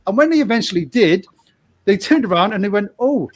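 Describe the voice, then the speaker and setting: Higher-pitched man telling a rambling story. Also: quick pace. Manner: rambling, laughing often mid-sentence, lively quoted voices. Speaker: podcast guest. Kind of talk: casual storytelling.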